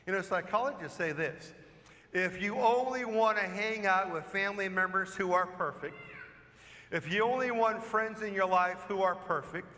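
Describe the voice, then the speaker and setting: A priest preaches to his parish, talking through a story in an easy, chatty manner and stopping to ask questions. His voice sits high and bright. The sound carries the long reverb of a church hall. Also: moderate pace. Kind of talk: sermon.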